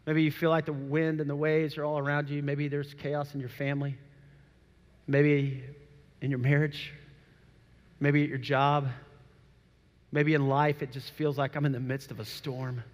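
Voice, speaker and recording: A man preaching a sermon, telling the story with animated, acted-out quotes. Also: a little high, moderate pace, long pauses. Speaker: pastor. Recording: long hall reverb.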